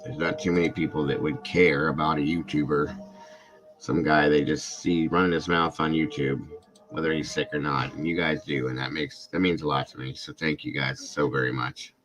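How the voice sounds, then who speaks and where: A man's voice: extremely low pitch, fairly even intonation, moderate pace, fairly bright tone, soft background music, poor audio. A man hosting a casual livestream, greeting viewers by name in a friendly way, his voice congested from illness. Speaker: true crime YouTube livestream host.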